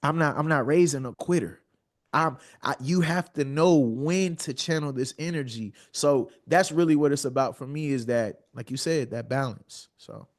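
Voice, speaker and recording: A man's voice: medium pitch, moderate pace. Earnest man telling a heartfelt story. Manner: earnest, repeats words as he builds a point. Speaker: podcast guest.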